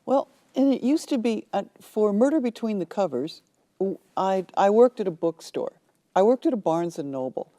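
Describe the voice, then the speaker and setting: Mellow-voiced woman telling stories. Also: medium pitch, moderate pace. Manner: animated storyteller, acts out quoted voices. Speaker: author guest. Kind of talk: anecdotal storytelling in a TV interview. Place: TV studio.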